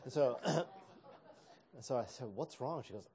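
Mellow-voiced man telling a wry story. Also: mid-range voice, animated, normal speed. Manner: conversational, self-deprecating humor, frequent restarts. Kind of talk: personal story in a sermon.

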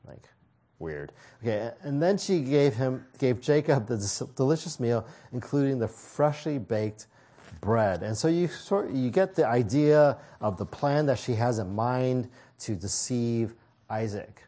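A man's voice: mid-range voice, animated, unhurried, dark tone. A man preaching a sermon, reading scripture and explaining it in a conversational way with casual asides.

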